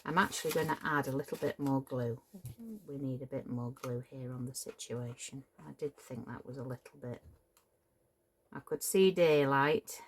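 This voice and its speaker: A woman's voice: very deep voice, normal speed, noisy background. A middle-aged woman, casually demonstrating a papercraft build, chatty and apologetic and prone to tangents. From Cheshire, England. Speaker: papercraft tutorial host.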